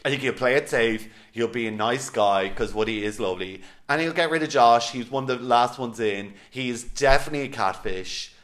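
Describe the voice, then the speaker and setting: A man co-hosting a podcast, chatting in an animated, casual way and swearing now and then. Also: medium pitch, a little fast, hardly any pauses. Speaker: podcast co-host. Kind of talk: casual chat recapping a reality show.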